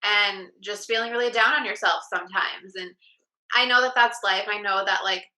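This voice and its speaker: A woman's voice: mid-range voice, steady tone, moderate pace, sharp tone, roomy sound, rough recording. A woman being interviewed about her reiki practice, talking candidly and reflectively, with "like" in nearly every sentence. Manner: candid, reflective, uses "like" often. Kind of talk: casual conversational interview.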